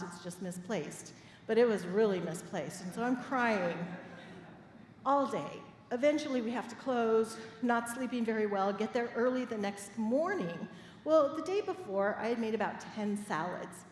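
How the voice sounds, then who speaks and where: Lively woman minister in an echoey hall. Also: fairly high pitch, normal speed. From Midwest United States. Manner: lively, playful storyteller who laughs with the congregation. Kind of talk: sermon with personal storytelling. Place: church sanctuary. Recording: echoey hall with faint room noise.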